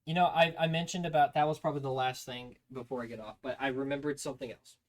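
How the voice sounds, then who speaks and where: A man telling army training stories to his stream in a casual, profane, animated way. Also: medium pitch, quick pace.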